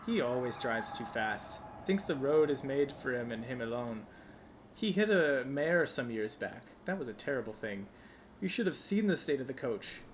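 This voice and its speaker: A man's voice: medium pitch, expressive, normal speed, natural voice. A man voicing a kind, chatty middle-aged landlady in a solo tabletop game, in a noisy recording. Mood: motherly.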